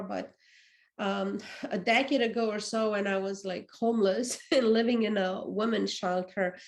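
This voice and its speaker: Slow-talking woman with a non-native English accent. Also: fairly high pitch, darkish tone. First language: not English. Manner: earnest, reflective, repeats words, restarts phrases. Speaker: podcast host. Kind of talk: casual motivational monologue. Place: apartment.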